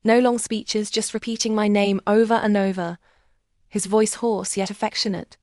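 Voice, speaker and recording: A woman narrating a first-person romance story in a calm, emotional storytelling manner. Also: mid-range voice, moderate pace, no echo, clean studio sound.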